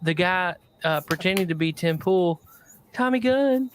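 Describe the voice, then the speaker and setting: A man's voice: high voice, animated, measured pace, slight background noise. A man from Appalachia hosting a casual pop culture podcast, upbeat as he introduces his guests. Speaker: podcast host.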